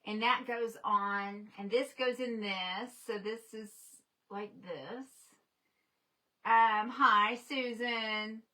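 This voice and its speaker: An older woman chatting casually on a livestream as host, gushing and excitable as she talks to her viewers. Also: a little high, slow pace.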